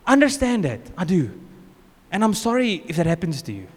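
A South African man preaching in a relaxed, joking way, acting out the things people say. His voice sits high and swings widely in pitch. The sound carries the long reverb of a church hall. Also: brisk. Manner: informal, joking, acts out quotes. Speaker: pastor. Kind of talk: conversational sermon.

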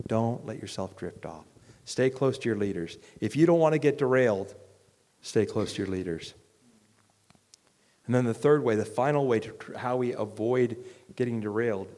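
A man preaching a sermon as pastor, earnest and conversational, swinging from loud urging to quiet reflection. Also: medium pitch, normal speed. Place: church hall. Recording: long reverb of a large church hall.

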